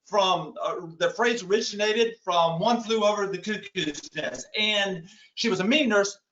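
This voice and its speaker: High, bright-voiced man telling a funny story. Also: measured pace, reverberant, muffled recording. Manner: animated, self-deprecating, with asides to the audience. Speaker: keynote speaker. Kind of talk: humorous motivational storytelling.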